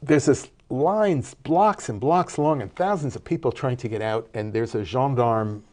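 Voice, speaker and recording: An older man telling a family story in a relaxed interview, with many fillers and restarts. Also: medium pitch, measured pace. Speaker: interview guest, cinematography professor.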